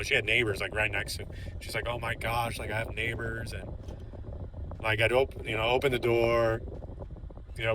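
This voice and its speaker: A young man talks through a story while he plays a game, his voice sitting at an ordinary middle pitch. He rambles loosely, leans on filler words and chuckles now and then. A faint hiss of noise runs underneath. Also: bright, forceful tone. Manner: rambling, heavy filler words, laughs to himself. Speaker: gaming channel host. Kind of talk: casual storytelling over gameplay.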